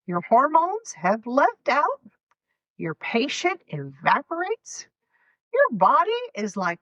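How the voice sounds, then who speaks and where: A Southern woman in her fifties delivers a sarcastic comedy monologue in a lively, swooping voice that stays unhurried. She sits a bit above the usual pitch for a woman. The sound is dry and a little dull. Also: no echo. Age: 50s. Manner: sarcastic, animated storytelling with mock quotes. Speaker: podcast host.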